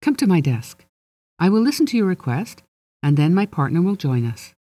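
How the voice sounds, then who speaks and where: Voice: medium pitch, sing-song, normal speed, dry recording. A reader voicing Bramble, a small, eager male fairy in disguise who tries to sound formal with humans, in an audiobook. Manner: bright, jumpy, overeager. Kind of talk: audiobook narration.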